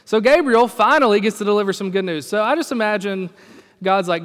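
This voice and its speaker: Male pastor, high voice, chatty sermon delivery, long hall reverb. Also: fairly quick, a bit bright. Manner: conversational, storytelling with acted quotes.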